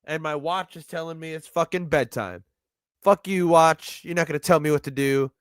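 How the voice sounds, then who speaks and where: A man's voice: fairly high pitch, moderate pace, clean tone, dry recording, clean studio sound. A man with a New York accent giving sardonic, profane live commentary on a video he is watching. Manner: sardonic, profane, rambling asides. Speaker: streamer reacting to a video.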